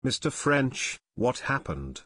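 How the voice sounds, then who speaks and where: A man's voice: mid-range voice, very animated, slow, fairly bright tone, full character voice. A man reading a plucky teen boy sleuth. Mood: earnest. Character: plucky teenage boy detective. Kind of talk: audiobook character reading.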